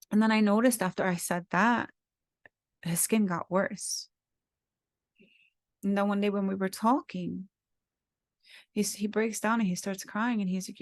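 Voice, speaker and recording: A woman's voice: medium pitch, steady tone, normal speed, pauses often, no echo, clean studio sound. A woman in her thirties hosting a podcast, talking in an earnest, heartfelt, rambling way and repeating herself as she reflects. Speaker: podcast host. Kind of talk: reflective personal talk.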